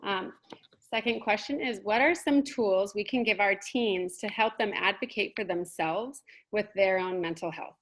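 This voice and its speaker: A woman's voice: mid-range voice, normal speed, a bit bright. Polite woman asking interview questions.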